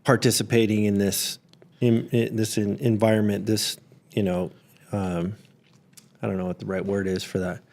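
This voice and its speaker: A man co-hosting a podcast in casual chat, rambling and halting, with many fillers and restarts. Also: on the low side, flat delivery, gravelly, darkish tone. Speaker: podcast co-host.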